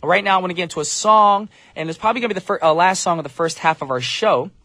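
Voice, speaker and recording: A man's voice: high-pitched, quick pace, pushed and bright, no room sound. A man hosting a morning radio show in casual chat, upbeat and joking as he reads listener messages. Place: radio studio. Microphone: studio mic.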